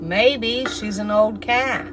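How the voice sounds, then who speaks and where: A woman's voice: medium pitch, slow, noisy background. A woman co-hosting a casual livestream, making dry comments. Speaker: livestream co-host.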